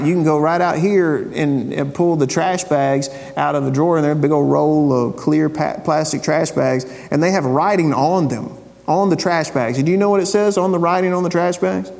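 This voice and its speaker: A man's voice: fairly high pitch, gravelly, a little mellow. Preaching man in a reverberant hall. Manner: conversational preaching with repeated phrases and rhetorical questions. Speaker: pastor. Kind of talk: sermon.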